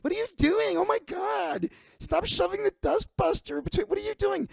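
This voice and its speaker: A shrill, whiny young woman who is uptight and pregnant, her voice jumping high and protesting, as a male comedian puts her on. The sound is close and dry, with a gravelly edge. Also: normal speed, dry recording, exaggerated voice.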